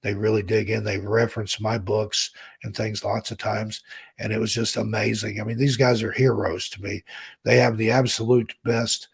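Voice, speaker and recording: A man in his fifties from the American South, hosting a casual live stream, chatting warmly and reading out viewers' names. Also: fairly low pitch, flat delivery, normal speed, vocal fry, breathy edge. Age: 50s. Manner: rambling, heartfelt, reads chat names aloud. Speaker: host.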